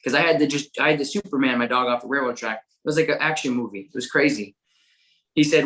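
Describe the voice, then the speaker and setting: A man who is a guest on a dog-training podcast tells a story in a casual, animated way. His voice is bright and forceful. He stumbles over repeated words and swears freely as he gets caught up in the story. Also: mid-range voice, fast, poor audio.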